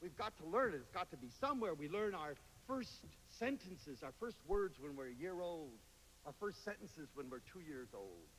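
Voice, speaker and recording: A man giving a lively lecture to an audience, telling stories and slipping into playful voices when he quotes people. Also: fairly high pitch, moderate pace. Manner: animated storyteller, quotes others in playful voices. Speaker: public speaker. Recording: hall reverb, faint hiss.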